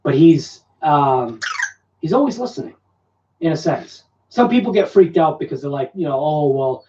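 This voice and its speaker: A man rambling through a casual live stream, jokey and quick to laugh. His voice sits at a middling pitch and sounds distant and dull. The room is echoey, with faint noise behind him. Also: animated. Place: room at home.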